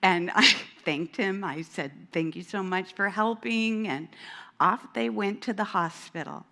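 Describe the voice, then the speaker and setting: A woman speaking at a church event, telling a story from her years as a school administrator. Her voice sits in a middle pitch, and she acts out the people in the story, putting on a small child's voice. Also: unhurried, pushed and bright. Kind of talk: storytelling talk at a women's event. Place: church hall.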